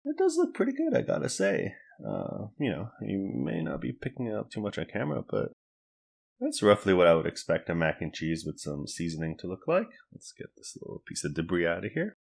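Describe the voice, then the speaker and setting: A man's voice: lowish voice, fairly quick, creaky. A man casually reviewing snack food to camera, chatting and thinking aloud as he cooks and tastes. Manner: relaxed, chatty, thinks aloud while cooking and tasting.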